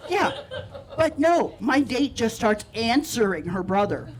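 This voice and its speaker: A man doing a stand-up set, telling a self-deprecating story in a deadpan way at a live comedy show. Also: very high-pitched, a little slow, a little hiss or hum, rough recording.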